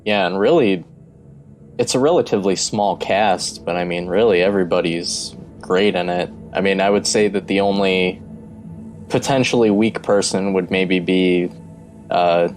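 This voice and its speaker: A man co-hosting a casual film podcast, relaxed and jokey, hedging his points with fillers. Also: low-pitched, moderate pace, faint music behind. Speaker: podcast co-host.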